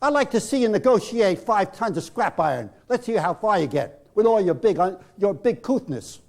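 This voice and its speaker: A man putting on a loud, blustering brute of a man. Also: high voice, animated, normal speed, creaky, pitched above the performer's own voice. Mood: taunting, angry. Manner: loud, taunting, sarcastic. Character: brash, blustering man in a therapy group.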